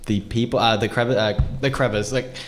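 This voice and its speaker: Young male panel host from Australia, average pitch, chatty, rambling, self-interrupting. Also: steady tone, normal speed, soft background music. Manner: rambling, self-interrupting storyteller who laughs often. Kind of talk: casual convention panel chat.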